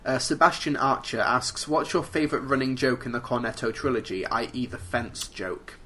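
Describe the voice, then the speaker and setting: A man's voice: mid-range voice, steady tone, normal speed, pushed and bright, a little hiss or hum. A man from England co-hosting a podcast over a call, dry and teasing as he reads out listener questions. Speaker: podcast co-host. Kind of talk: casual podcast chat. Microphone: remote call.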